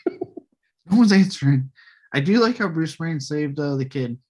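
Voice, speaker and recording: A man's voice: fairly high pitch, animated, unhurried, slightly rough. Casual swearing man chatting about a movie. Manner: swearing freely, laughing, acts out characters. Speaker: podcast co-host.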